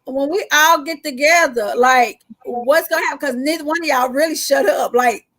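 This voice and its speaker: High-voiced woman, teasing casual chat. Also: moderate pace, fairly bright tone. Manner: teasing, reads viewer comments aloud. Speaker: co-host.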